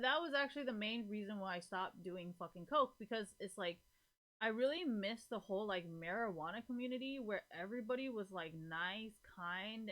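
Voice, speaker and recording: A woman's voice: medium pitch, a bit bright. Rambling, profane woman streamer. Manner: rambling, profane, fills every gap with "like". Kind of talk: casual chat to a live audience.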